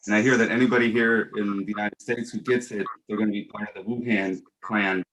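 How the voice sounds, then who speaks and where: A man's voice: fairly low pitch, fairly even intonation, a little fast, a bit bright, poor audio. A man playing a fake doctor on a satirical talk show, speaking in a mock-serious, pompous way and rambling with frequent restarts.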